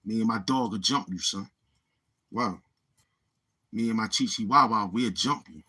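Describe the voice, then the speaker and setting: A man's voice: fairly low pitch, a little slow, sharp tone, breathy edge. A man with a New York accent hosting a livestream, boasting and taunting his chat in street slang. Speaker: livestream host. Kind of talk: live-stream trash talk.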